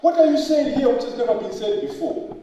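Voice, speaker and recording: A man doing a stuffy examiner, high and drawn out, ringing through an echoey hall from far off. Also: fairly quick, mellow, highs cut off, slight background noise. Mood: mock-grave. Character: pompous formal academic examiner.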